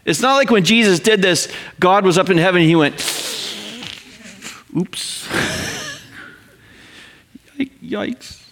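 Animated male pastor preaching conversationally. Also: high voice, fast talker, few pauses, slight background noise. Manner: conversational, animated, acts out quoted voices. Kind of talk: sermon.

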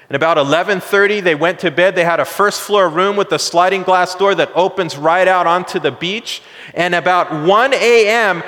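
A man preaching a sermon in an animated way, acting out quotes and chuckling at his own asides. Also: on the high side, big-room sound. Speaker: pastor.

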